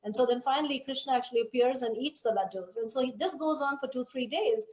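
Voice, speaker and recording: A woman hosting an online scripture study group, leading the discussion and telling stories in an animated way over a video call. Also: high voice, fast. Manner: animated storyteller. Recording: roomy echo.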